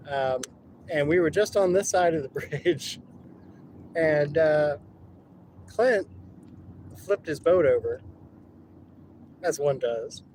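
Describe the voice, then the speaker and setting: A man tells loose, laughing stories while out on the river, cursing freely as he goes. His voice sits a touch high for a man. Faint outdoor noise hangs behind him. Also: a little mellow, low-quality recording. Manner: rambling, laughing, swears freely. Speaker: vlogger. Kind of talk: casual storytelling while kayaking.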